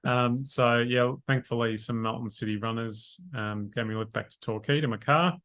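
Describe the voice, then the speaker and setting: A man co-hosts a casual running podcast at a middling pitch. He talks in a relaxed, unhurried way with dry humour and many fillers. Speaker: podcast co-host, runner. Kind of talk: casual chat.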